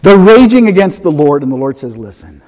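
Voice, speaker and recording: A pastor preaching with animated emphasis, swinging from loud outbursts to soft asides. His voice sits fairly high for a man. A long hall reverb follows his words. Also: brisk. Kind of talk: sermon.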